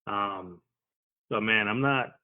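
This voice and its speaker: A man's voice: on the low side, slow. An easygoing man talking sports as a podcast guest. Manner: easygoing, conversational. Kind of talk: casual podcast chat. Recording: tinny phone-like line.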